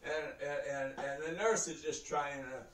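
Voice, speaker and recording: A man's voice: fairly high pitch, fairly even intonation, moderate pace. A man telling a story in a casual vlog, rambling and swearing, often breaking into laughter. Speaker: vlogger. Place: indoor room. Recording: roomy echo, heard from a distance.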